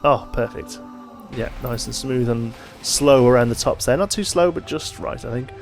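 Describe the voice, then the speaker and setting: With music in the background, a man with a gravelly, mid-range voice hosts a let's play at a moderate pace. He's tired and yawning, relaxed and chatty as he thinks aloud about his gameplay.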